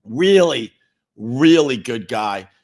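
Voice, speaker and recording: A man's voice: mid-range voice, expressive, slow pace, a little mellow. A middle-aged man hosting a livestream, chatting casually and answering viewer comments in a rambling, sarcastic way with many repeated words. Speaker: livestream host.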